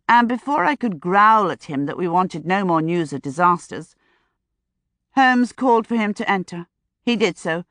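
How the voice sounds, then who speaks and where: A woman reading a novel aloud in a measured, wry first-person audiobook narration. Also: on the low side, a bit bright, dry recording, clean studio sound.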